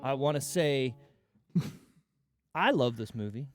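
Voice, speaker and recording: A man's voice: medium pitch, expressive, slow pace, faint music behind. A man hosting a movie review podcast, chatting casually in an easygoing, joking way. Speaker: podcast host. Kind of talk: casual chat.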